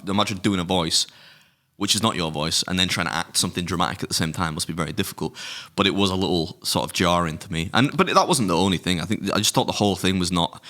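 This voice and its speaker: Deep-voiced guy on a podcast, talks fast, bright edge, rambles. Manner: rambling, self-correcting. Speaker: podcast co-host. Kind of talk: casual chat.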